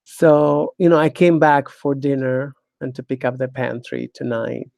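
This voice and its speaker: A woman's voice: very deep voice, level tone, unhurried, creaky, darkish tone, dry recording. A woman hosting her own talk show, delivering a blunt, sardonic monologue, cursing freely and laughing often. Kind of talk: casual monologue.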